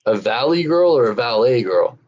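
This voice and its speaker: A man on a casual podcast chat, explaining things slowly and hesitantly with many fillers. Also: mid-range voice, lively intonation, darkish tone, lo-fi sound.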